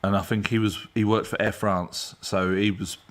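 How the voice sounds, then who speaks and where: A man's voice: on the low side, little pitch movement, moderate pace. Chatty man in his garage. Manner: rambling, chatty, laughs often. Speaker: garage channel host. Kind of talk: casual live-stream chat. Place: home garage.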